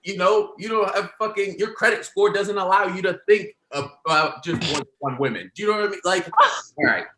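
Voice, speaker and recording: A man's voice: high-pitched, brisk, sharp tone. A man doing a rambling stand-up bit, forever asking if you know what he means. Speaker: stand-up comic. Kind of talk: stand-up set. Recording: echoey room with faint noise.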